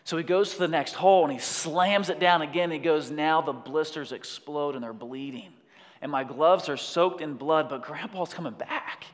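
Pastor guy preaching, kinda high voice, big echoey church hall, storytelling then shouting it out. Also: moderate pace. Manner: storytelling, building to emphatic shouted exhortation. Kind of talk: sermon.

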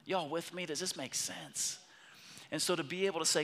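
A man preaching a sermon as pastor, impassioned, swinging from loud emphatic peaks to hushed whispers. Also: on the high side, moderate pace. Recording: long hall reverb.

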